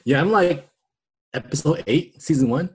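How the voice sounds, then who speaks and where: A man's voice: a little high, normal speed, a little mellow, husky. A man co-hosting a podcast, laid-back and chatty, laughing often and filling his talk with "like". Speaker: podcast co-host. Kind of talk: casual podcast chat.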